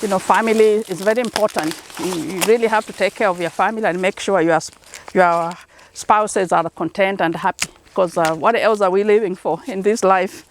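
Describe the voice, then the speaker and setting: A middle-aged woman from Kenya speaks with a Kenyan accent in an interview. She answers at a medium pitch and in a mid-range voice, earnest and encouraging, easing into little stories as she goes. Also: normal speed, a little hiss or hum. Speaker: organic corn farmer, interviewee.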